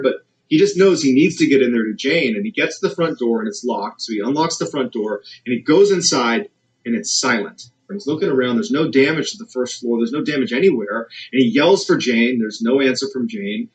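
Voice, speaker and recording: A man tells a dramatic true scary story, building suspense with a rising pitch as it goes. He speaks fairly quickly, and the recording quality is low.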